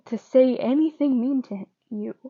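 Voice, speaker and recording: A woman reading the part of a gentle, tearful young boyfriend in a soft, pleading way. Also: sits high, measured pace, dry recording, narrow, tinny audio.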